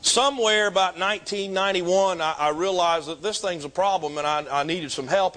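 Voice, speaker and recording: A man in his fifties giving a personal recovery testimony, an animated storyteller with self-mocking humor. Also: a little high.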